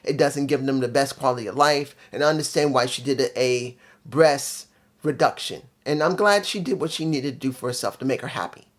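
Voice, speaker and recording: A man's voice: mid-range voice, brisk. A man hosting his own channel, giving a casual spoken review in a blunt, emphatic way with dry sarcasm, often repeating his points. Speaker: show reviewer, channel host.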